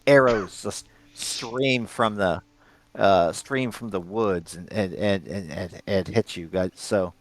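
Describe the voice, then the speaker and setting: A man running a tabletop role-playing game as game master, narrating the action haltingly with fillers and restarts. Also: low voice.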